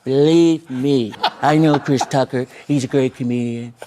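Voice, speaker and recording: A man's voice: mid-range voice, fairly even intonation, a little slow, dark tone, pitched below the performer's own voice, lightly acted. A male comedian doing an impression of a boastful older male politician, drawling and repetitive, in a noisy clip.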